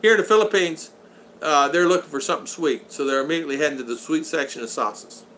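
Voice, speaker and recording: A man's voice: on the high side, fast, fairly bright tone, slight background noise. An older American man hosting a casual livestream, reading viewers' chat aloud, greeting them by name and laughing often. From United States.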